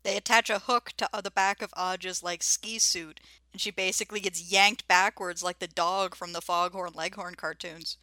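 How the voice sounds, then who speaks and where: A woman's voice: on the low side, steady tone, normal speed, pushed and bright. A woman co-hosting a podcast, recapping a cartoon plot in a wry, dry storytelling manner. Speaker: podcast co-host. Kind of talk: casual recap chat.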